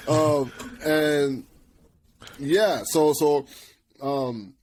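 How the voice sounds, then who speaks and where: A young man co-hosting a casual podcast, telling stories with lots of animation, quick impressions and frequent laughter. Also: medium pitch. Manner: animated storyteller who slips into excited impressions and laughs often. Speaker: podcast co-host.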